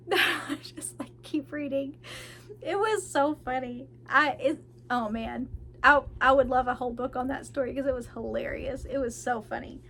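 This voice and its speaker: Chatty woman book reviewer, giggly and gushing, voice sitting a bit high. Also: moderate pace, vocal fry, fairly bright tone, a little hiss or hum. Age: adult parent of children. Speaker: book vlogger. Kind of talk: casual book review chat.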